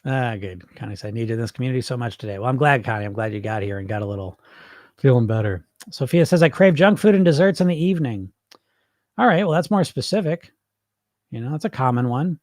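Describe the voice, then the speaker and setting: Animated, blunt male podcast host. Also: mid-range voice, fast talker, no room sound, studio quality. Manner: animated, blunt and swearing, acting out inner voices. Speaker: podcast host and weight-loss coach. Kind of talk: casual live podcast chat reading listener comments.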